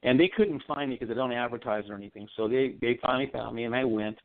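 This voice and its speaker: A man's voice: medium pitch, fast, gravelly. Man telling a story over a tinny phone line. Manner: rambling, many ums and restarts. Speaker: psychic medium guest. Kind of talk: storytelling in a radio interview.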